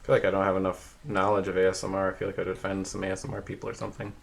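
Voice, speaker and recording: A man hosting a live painting stream, chatting casually and rambling with many fillers, in a fairly even tone. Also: deep voice, racing, vocal fry. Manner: says his voice rarely goes up or down.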